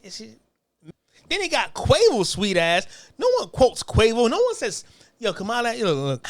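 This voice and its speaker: A man's voice: sits high, a bit bright, no echo. A man delivering a crude, heated political rant, often stammering repeated words. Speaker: political commentator.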